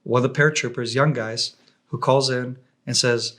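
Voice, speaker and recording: A man, a podcast guest telling a war story in a lively, conversational way, often restarting and repeating words. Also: mid-range voice, moderate pace.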